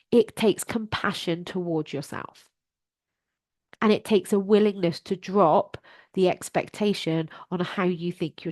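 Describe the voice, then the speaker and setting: A woman's voice: mid-range voice, dry recording. A middle-aged woman talks straight to her listeners as a life coach on her podcast. Her manner is earnest and encouraging, plain and direct. The sound is close and dry, with no room around her. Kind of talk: solo podcast advice talk.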